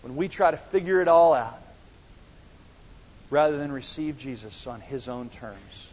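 A man preaching a sermon as pastor, animated and swinging between quiet and loud, acting out the dialogue himself. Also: medium pitch, a little slow, slight background noise. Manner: animated, acts out dialogue with big swings in loudness. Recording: dull sound with long church reverb.

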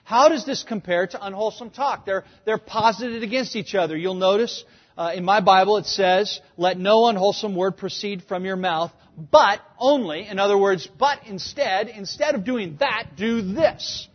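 A man preaching a sermon as a pastor, asking rhetorical questions and pushing up to a shout for emphasis. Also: sits high, normal speed. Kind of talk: sermon teaching. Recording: dull lo-fi recording.

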